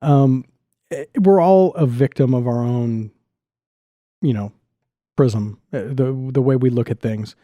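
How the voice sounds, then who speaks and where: A middle-aged man chatting eagerly as a podcast guest, talking quickly with frequent restarts. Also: mid-range voice, no echo, highs cut off. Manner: enthusiastic, talks fast with restarts. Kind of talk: casual podcast chat.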